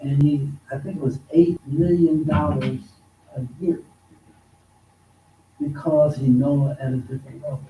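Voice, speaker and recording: A man teaching an informal religious study class at a mosque, talking slowly and conversationally and repeating words for emphasis. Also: on the high side, level tone, mellow. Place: mosque hall. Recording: echoey hall, distant mic, faint noise.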